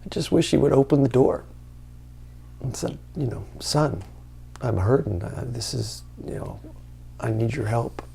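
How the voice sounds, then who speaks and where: A man telling a personal story in a hesitant, quiet, reflective way. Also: medium pitch, measured pace, gravelly, slight background noise.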